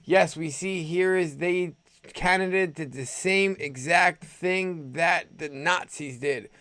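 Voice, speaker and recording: A man's voice: fairly high pitch, takes it slowly, fairly bright tone, clean tone, no room sound. A man hosting an opinionated news commentary show, sarcastic and rambling as he reads headlines. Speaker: host.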